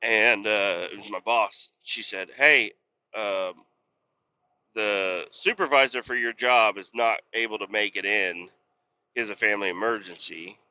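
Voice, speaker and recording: Man, casual podcast host, swears freely, exasperated rambling story; very bright voice, slightly dull lo-fi recording. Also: fairly low pitch, measured pace.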